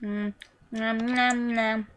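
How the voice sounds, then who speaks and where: A young woman commentating her own gameplay, goofy and excitable, yelping and squealing at what happens on screen. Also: fairly high pitch, very slow. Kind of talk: let's play commentary.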